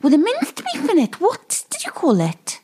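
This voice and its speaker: A woman's voice: very high voice, wildly swooping pitch, moderate pace, mellow. A woman in a comedy sketch, talking in a prim, fussy, chirpy way. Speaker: sketch performer.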